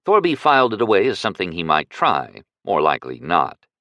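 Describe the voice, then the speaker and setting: A man narrating a science fiction audiobook in a measured, expressive storytelling manner. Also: low voice, no echo, muffled recording. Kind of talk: scripted narration.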